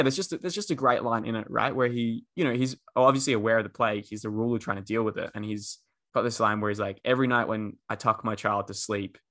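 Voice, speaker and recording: A man's voice: on the low side, fairly bright tone. A man co-hosting a podcast, chatting casually with many fillers and restarts. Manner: rambling, many ums and restarts. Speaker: podcast co-host. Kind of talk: casual chat.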